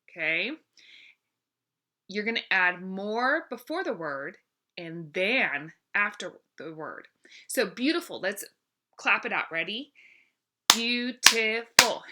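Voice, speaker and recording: A woman teaching a grammar lesson, speaking clearly and encouragingly and drawing out each example word. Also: mid-range voice, sharp tone.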